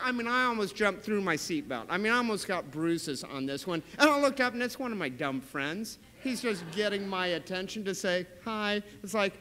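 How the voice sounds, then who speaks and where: A man preaching in a church sanctuary, his voice high for a man and bright with a forceful edge. He tells his stories with animated swings and sudden loud bursts. Long church reverb trails behind every phrase. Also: moderate pace, few pauses. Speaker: pastor. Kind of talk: sermon.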